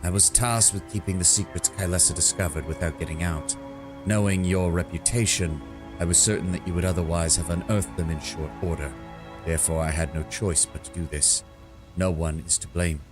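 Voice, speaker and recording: A man reading game dialogue aloud as a cold, deceitful male dark elf assassin, measured and contemptuous. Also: low voice, fairly even intonation, music in the background, close to an everyday voice.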